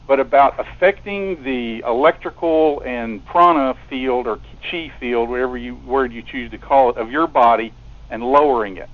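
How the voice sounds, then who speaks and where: A man speaking as a radio show guest, earnest, often stumbling and repeating his words as he tells his story. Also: mid-range voice. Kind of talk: casual phone conversation. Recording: narrow telephone line.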